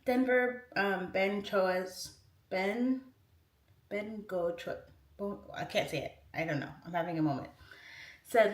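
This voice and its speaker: A woman's voice: medium pitch, normal speed, pauses often. A woman hosting a casual livestream, rambling and chatty as she reads out viewer comments. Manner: chatty and rambling, heavy use of "like". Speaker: livestream host. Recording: roomy echo, distant mic.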